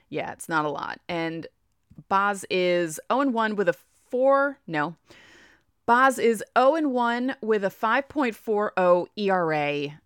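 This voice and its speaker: A woman's voice: fairly low pitch, fairly bright tone, dry recording, studio quality. A woman with a New York accent giving a casual baseball preview, reading off stats and talking to herself as she checks lineups. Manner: chatty, reads off stats, talks to herself. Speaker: baseball podcaster. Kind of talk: casual sports preview talk.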